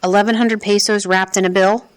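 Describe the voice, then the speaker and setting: A woman's voice: fairly even intonation, brisk, lightly acted. A woman voicing a terrified street boy under interrogation, stammering and pleading. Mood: frightened. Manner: stammering, pleading, high and strained.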